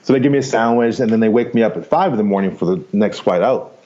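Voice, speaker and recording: A man's voice: lowish voice, fast talker, dark tone, lo-fi sound. A man in his fifties, a podcast guest telling his story casually and rambling, often checking in with "right?" and "you know.". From Canada. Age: 50s. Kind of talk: casual first-person storytelling.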